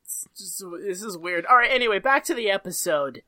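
A woman's voice: medium pitch, lively intonation, fairly quick, pushed and bright, no echo. A woman co-hosting a podcast in casual chat, joking and laughing often as she recaps an old TV show. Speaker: podcast co-host.

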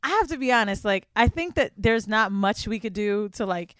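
A woman co-hosting a podcast in casual chat, blunt, crude and animated. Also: mid-range voice, moderate pace, clear, resonant tone, no room sound, studio quality. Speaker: podcast co-host.

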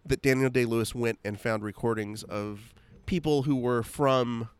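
A man co-hosting a podcast, his mid-pitched voice recorded close and dry. He talks casually and drops deadpan, sarcastic remarks. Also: moderate pace, smooth, no echo. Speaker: podcast co-host. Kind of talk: casual chat.

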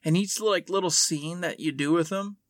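A man's voice: on the high side, moderate pace, no echo. A man co-hosting a podcast in casual chat, easygoing and mock-stern at times. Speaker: podcast co-host.

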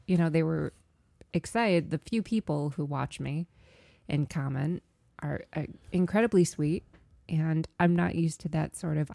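A woman co-hosting a podcast, chatty and quick to laugh. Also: deep voice, gravelly, mellow, dry recording. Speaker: podcast co-host. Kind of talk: casual podcast chat.

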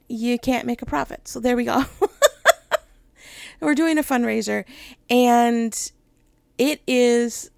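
A woman's voice: on the high side, vocal fry, darkish tone, dry recording, clean studio sound. A middle-aged woman who leads a ministry, talking candidly and emotionally, laughing often and rambling with "right?" tags. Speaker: ministry leader. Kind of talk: candid personal talk.

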